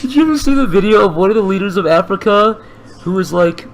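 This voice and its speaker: A man's voice: sits high, animated, quick pace, poor audio. A man hosting a livestream and chatting casually over a call, joking and swearing freely. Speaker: stream host, artist. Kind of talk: casual voice chat.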